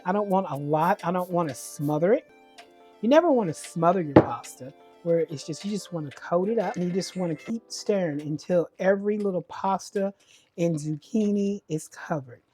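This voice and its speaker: A woman's voice: on the low side, lively intonation, normal speed, mellow, soft background music. A woman giving a casual cooking demonstration at home, chatty and homey, often correcting herself as she goes. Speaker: home cook.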